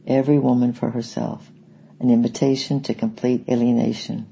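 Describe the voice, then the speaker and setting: A man narrating an audiobook in a measured, reflective way. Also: mid-range voice, level tone, vocal fry, mellow, slightly rough, low-quality recording. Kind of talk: scripted narration.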